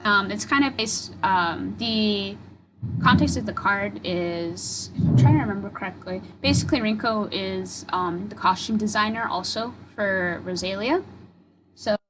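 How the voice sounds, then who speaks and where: A woman's voice: medium pitch, unhurried, heavy background noise. A young woman co-hosting a podcast, gushing in a rambling casual chat full of fillers. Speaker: podcast co-host.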